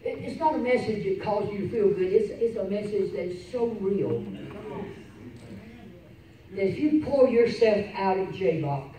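A woman pastor preaching a sermon, fervent and swinging from loud exclamations to quiet storytelling. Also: mid-range voice, lively intonation, a little slow. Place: church sanctuary. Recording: echoey church, distant mic, faint hiss.

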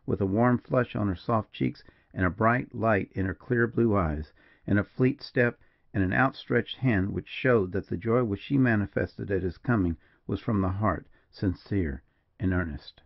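A man narrating an old western novel as an audiobook, in a measured storytelling manner. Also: fairly low pitch, creaky, no echo. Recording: dull lo-fi dry recording.

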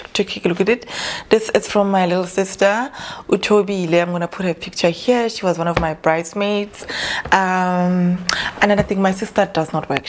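A woman's voice: fairly low pitch, slight background noise. A young South African woman chatting casually in an unboxing vlog, gushing and emotional with gratitude. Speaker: vlogger.

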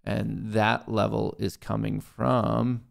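Gravelly low-voiced man trading live. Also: little pitch movement, slow pace. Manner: muttering to himself, swearing, pleading with the market. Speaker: livestream host, day trader. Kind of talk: casual live-stream commentary.

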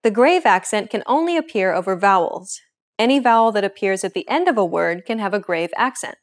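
Woman teaching a beginner language lesson, clear explaining voice, scripted. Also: medium pitch, lively intonation, a little fast.

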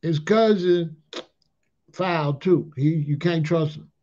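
Slow-paced and dark in tone, with a fairly high pitch, a man rants casually as a commentator on a talk channel. He leans on loose street slang and keeps tacking on "allegedly" and "you know what I'm saying." The recording is dull lo-fi.

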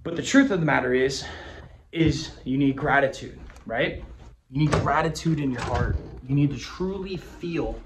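A man's voice: mid-range voice, moderate pace, a little hiss or hum. A man giving a punchy, emphatic motivational talk to camera as a business coach, repeating phrases and swearing casually. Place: indoor office with a whiteboard. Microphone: camera mic.

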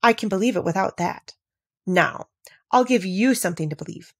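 Woman doing a fussy elderly queen, fretful, squeaky at the top, lively pitch, storybook voice. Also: normal speed, breathy edge, dry recording, studio quality. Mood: brisk, decided. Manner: fretful, fluttery, rising to squeaks. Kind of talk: storybook reading.

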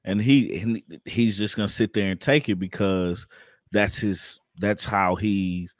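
Brief: man podcast co-host, even-toned and reflective, dry recording. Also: on the low side, measured pace, no room sound. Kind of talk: casual reality-TV discussion.

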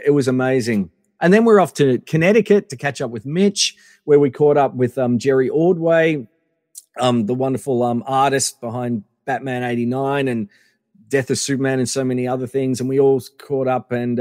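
A man's voice: medium pitch, darkish tone, no room sound, clean studio sound, in a large hall. A man telling a long casual story as a podcast guest, full of fillers and acted-out quotes.

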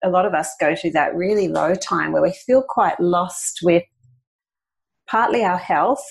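A woman hosting a podcast, asking a guest questions in a relaxed, encouraging way. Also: fairly low pitch, unhurried, vocal fry. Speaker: podcast host. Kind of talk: casual interview.

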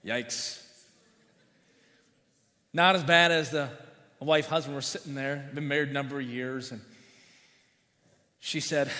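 A man's voice: medium pitch, fairly even intonation, measured pace, long pauses, bright, forceful tone. A man preaching a sermon as pastor, folksy, telling jokes and asking the congregation questions. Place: church sanctuary. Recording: long church hall reverb.

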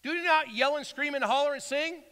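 A man preaching with a high, bright voice that rings through a church sanctuary. He swings between loud, urgent exhortation and quiet, confiding asides, and acts out little quotes. A long reverb trails each phrase. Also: brisk. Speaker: pastor. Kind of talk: sermon.

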